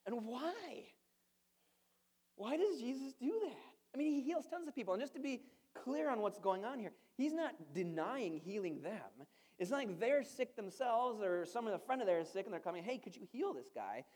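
A man's voice: very high voice, lively intonation, normal speed, darkish tone. A male pastor giving a sermon in a conversational style, asking the congregation rhetorical questions and adding playful asides.

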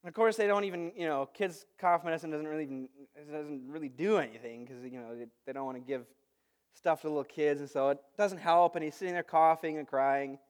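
Male pastor, thirties, light high voice, chatty storytelling sermon. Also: fairly quick, clean tone. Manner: conversational, storytelling with lively asides.

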